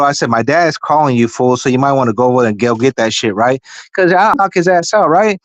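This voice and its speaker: A man telling stories in casual chat, profane and animated, acting out the dialogue he quotes. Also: fairly high pitch, fairly quick, no room sound.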